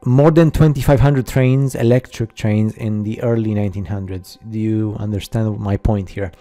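A man narrating a slideshow in a casual, halting way, full of fillers and skeptical asides. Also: on the low side, steady tone, warm tone, faint music behind. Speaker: video narrator.

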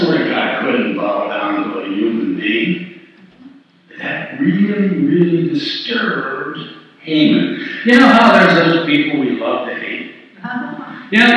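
A man's voice: high-pitched, a bit bright, very echoey, long reverb tail, distant mic, poor audio. A male pastor preaching a sermon, telling a story and acting out the characters' lines. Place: church sanctuary.

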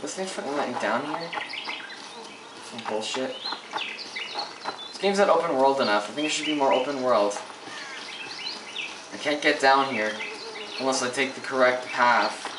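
A man's voice: medium pitch, moderate pace, long pauses. A man giving live commentary over a role-playing game, swearing and ranting often. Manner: profane, frustrated ranting. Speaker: gameplay commentator. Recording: echoey, distant mic, noisy game sound. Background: game audio with ambience.

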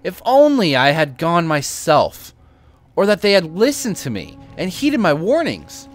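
A man's voice: fairly high pitch, huge pitch swings, measured pace, soft background music, pitched above the performer's own voice. A man reading aloud the lines of a remorseful male elf mage from a video game's quest text, in his own everyday voice. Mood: guilt-stricken.

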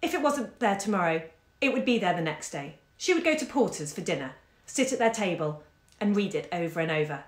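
A woman reading a short story aloud, measured and expressive, growing soft in the sad parts. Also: mid-range voice. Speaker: bookshop owner reading aloud. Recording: roomy echo.

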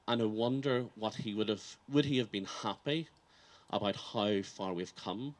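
A man speaks earnestly at an outdoor ceremony, his voice sitting a little low. He is reflective and sincere, and he builds his points with rhetorical questions. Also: unhurried. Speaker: campaign organiser giving a speech. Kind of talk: public ceremony speech.

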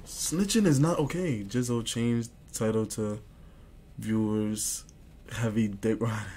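Answering his chat on a livestream, this young man talks in a slangy, bragging, casual way, saying the same phrases over and over and frequently trailing into a mutter. He has a lowish, mellow voice with a steady tone and an unhurried delivery.

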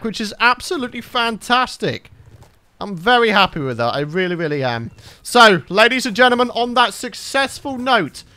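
Male let's-play host, lively sing-song pitch, easily spooked. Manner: jittery, exclaims and repeats himself when scared. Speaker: gaming channel host.

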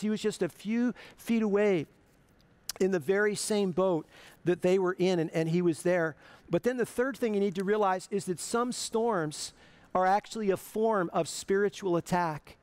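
A man's voice: high voice, a little mellow, smooth. A male pastor preaching a sermon in an earnest, conversational way, often restarting his phrases.

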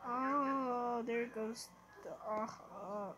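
A woman's voice: fairly high pitch, takes it slowly, background noise. A young woman giving casual commentary while she plays a game, chatty and easily flustered, often talking to the creatures on screen. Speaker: gamer.

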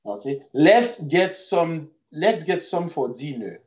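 A man teaching a language lesson online, saying each word and repeating it slowly for pronunciation practice. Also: on the high side, sing-song. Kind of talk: slow vocabulary lesson with repetitions. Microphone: video call. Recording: dull lo-fi online class audio.

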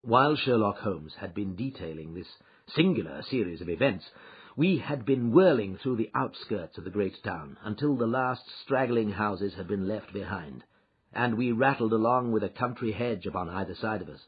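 A man reading a classic story aloud in a measured storytelling manner, as audiobook narrator. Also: fairly low pitch, lively intonation, breathy edge. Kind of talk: scripted narration. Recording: dull lo-fi recording.

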